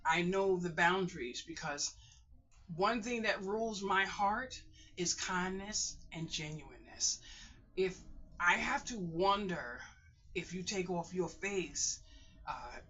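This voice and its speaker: A woman's voice: lowish voice, animated, slow, fairly bright tone, husky, highs cut off. A middle-aged woman in pain, giving emphatic, repetitive life advice to her viewers in a casual vlog monologue. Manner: emphatic, repeats phrases, calls viewers "boys and girls" and "honey". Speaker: vlogger.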